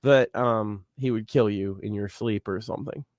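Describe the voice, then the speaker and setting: A man's voice: fairly low pitch, normal speed, a little mellow. A man co-hosting a podcast in casual chat, ranting emphatically and swearing as he tells a story. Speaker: podcast co-host.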